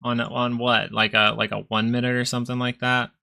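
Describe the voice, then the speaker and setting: A man's voice: mid-range voice, level tone, brisk, gravelly, sharp tone. A young man hosting a live stock market stream, casually thinking aloud as he reads charts. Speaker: stock market livestream host. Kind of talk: live chart analysis commentary.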